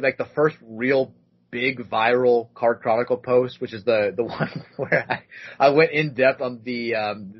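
A man in his thirties hosting a podcast, telling a story in a casual, animated way and acting out other people's lines with lots of "like". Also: medium pitch, highs cut off. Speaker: podcast host.

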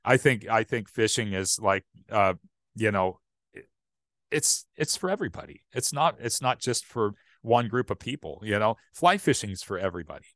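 A man's voice: on the low side, lively intonation, moderate pace, fairly bright tone, dry recording, studio quality. A man talking casually as a podcast guest, rambling with many fillers and restarts. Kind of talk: casual conversation.

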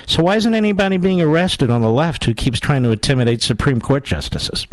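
A talk radio host delivers combative political commentary, sarcastic and mocking as he tears into clips of his opponents and mimics them. His medium-pitched voice is fairly quick with a darkish tone, captured in a dry recording.

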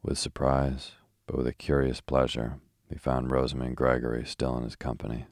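A man reading a classic novel aloud in a slow, even, rhythmic bedtime style. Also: rumbling low, gravelly, no room sound, studio quality. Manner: even, measured delivery. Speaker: audiobook narrator.

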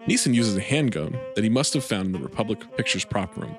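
A man's voice: fairly low pitch, animated, fast talker, music in the background. A man co-hosting a casual movie review podcast, reading out a review and joking with friends. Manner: reads review aloud, swears, jokes. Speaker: podcast co-host.

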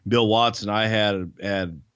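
A man's voice: fairly low pitch, unhurried, smooth, no room sound, dull audio. A man co-hosting a podcast, casually telling second-hand stories with a lot of hedging. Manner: relaxed anecdotal telling with hedges. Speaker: podcast co-host, former wrestling insider. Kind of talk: casual storytelling chat.

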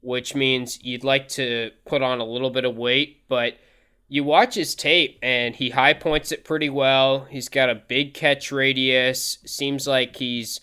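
A young man co-hosts a sports show in a bright voice. He talks in an easygoing, laid-back way and breaks down players with calm analysis. The delivery is casual and conversational. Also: mid-range voice, measured pace, smooth.

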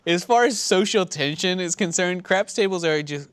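A man co-hosting a casual chat, laid-back and chiming in with quick remarks. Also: high-pitched, clean tone, no echo.

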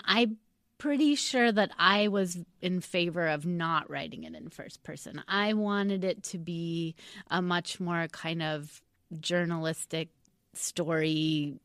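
A woman with a slightly low voice talks about her writing in a relaxed interview. She hesitates and restarts often but stays earnest. The sound is dry and close. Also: dry recording. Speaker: author being interviewed. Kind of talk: casual interview talk.

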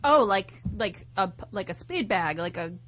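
A woman co-hosting a radio talk show, making quick, witty quips in casual banter. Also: medium pitch, lively intonation, a bit bright.

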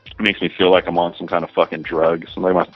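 Man, deep voice, crude rambling interview talk, dry dull audio. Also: level tone, fast, husky, no echo, faint music behind. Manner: rambling, crude, peppered with "you know" and "man". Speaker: adult film performer guest.

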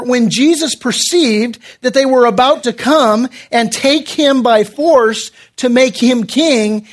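A male pastor giving a sermon to a congregation in a church room, talking casually, often restarting his phrases and briefly acting out the people he quotes. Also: very high-pitched. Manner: conversational preaching with frequent restarts, acting out quoted voices.

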